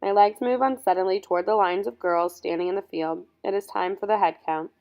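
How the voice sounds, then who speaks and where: A woman reading a first-person audiobook in scripted narration, measured and earnest. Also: mid-range voice, fairly even intonation, a little mellow.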